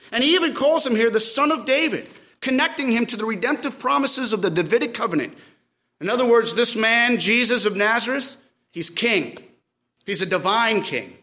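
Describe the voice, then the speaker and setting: A man delivers a sermon in a high, light voice. He preaches with drive, swelling to loud cries and then dropping to quiet, intimate asides. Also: moderate pace. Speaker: pastor.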